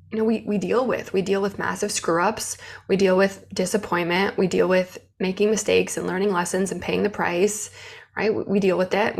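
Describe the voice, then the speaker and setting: A woman speaking candidly to camera about her life as an entrepreneur. Her telling is open and emotional, with big feelings put plainly into words. Her voice sits at an ordinary middle pitch for a woman. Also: slight background noise. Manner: open, emotional, animated storytelling. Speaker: business owner. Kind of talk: candid personal vlog.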